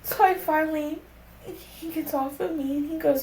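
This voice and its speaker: In an echoey room with a faint hum behind her, a young woman on a podcast shares a raw, candid personal story in conversation, casually dropping swear words. Her voice is high-pitched and darkish in tone at a normal speed.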